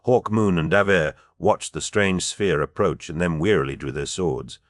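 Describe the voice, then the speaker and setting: Deep-voiced man reading an audiobook. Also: normal speed, dry recording, clean studio sound. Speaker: audiobook narrator. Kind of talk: scripted narration.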